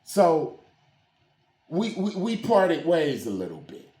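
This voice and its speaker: A man's voice: a little high, huge pitch swings, takes it slowly, mellow. A man telling a story from his own life in casual, slangy street talk, often checking in with "you hear what I'm saying". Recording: roomy echo.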